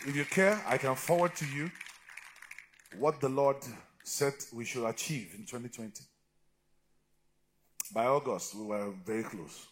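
A middle-aged man preaching a sermon as pastor, swinging from loud shouted exhortation to low, quiet talk and calling for amens from the congregation. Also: unhurried, long pauses, slight background noise. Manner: calls for amens and answers from the congregation.

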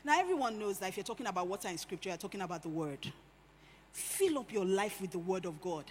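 Woman, preacher, sermon, animated, hushed then loud, faint room ambience. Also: mid-range voice, quick pace, slight background noise. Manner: animated, swings between hushed and loud emphatic. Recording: echoey hall with faint ambience.

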